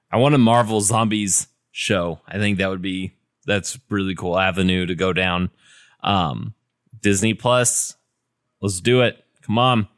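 A man co-hosts a casual review podcast, talking at an unhurried pace in a slightly low voice. He rambles and restarts his thoughts as he goes. The sound is dry and close, with almost no room. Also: fairly bright tone, smooth, no room sound. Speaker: podcast co-host. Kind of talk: casual chat reviewing episodes.

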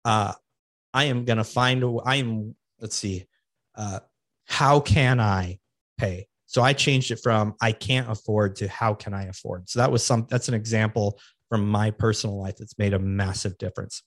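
A man's voice: lowish voice, steady tone, normal speed, no echo. A man hosting a podcast, giving earnest motivational advice in a coaching manner and repeating key phrases for emphasis. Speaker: podcast host.

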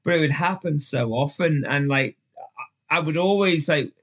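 A man's voice: on the high side, moderate pace, fairly bright tone. Liverpudlian man, podcast guest, loose anecdotal storyteller with plenty of "you know". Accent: Liverpool English. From England. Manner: chatty storyteller, lots of fillers, acts out voices. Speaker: guest, ultra endurance runner. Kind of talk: casual podcast chat.

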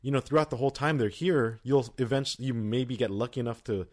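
A man's voice: mid-range voice, fast. Male podcast co-host, casual rambling chat, plenty of restarts. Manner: rambling, chatty, full of "like" and restarts.

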